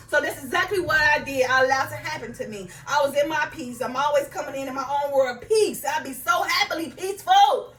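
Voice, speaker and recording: A woman talks through a personal lesson about faith, pausing to check that her listeners follow. Her voice sits high and comes across bright. She is a little off the mic, in a room with plenty of echo. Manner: conversational, repeats herself, asks "right?" and "you understand?"; reads scripture aloud in King James wording. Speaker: faith vlogger. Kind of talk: personal spiritual talk to viewers. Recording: echoey room, voice a bit far from mic.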